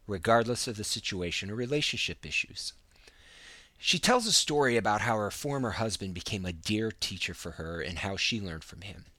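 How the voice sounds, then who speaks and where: A man hosting a show who reads a measured, scripted introduction to a clip. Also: on the low side, sharp tone, no echo. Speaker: podcast host.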